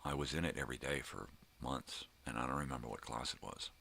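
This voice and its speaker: A man's voice: rumbling low, quick pace, vocal fry, bright, forceful tone, a little hiss or hum. A middle-aged man hosting his own morning vlog, ranting and rambling casually with plenty of swearing. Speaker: vlogger host.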